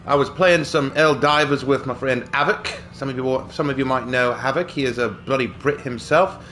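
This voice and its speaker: A man's voice: medium pitch, normal speed, fairly bright tone, a little hiss or hum. A male gaming streamer commentating his gameplay live in an exaggerated, put-on British accent, jokey and theatrical, peppering his talk with stock posh phrases.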